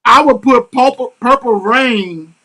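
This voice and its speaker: Male talk-show host, high bright voice, blunt and slangy, swears a lot. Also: a little slow. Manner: blunt, slangy and emphatic, with frequent profanity. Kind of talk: casual sports-talk chat.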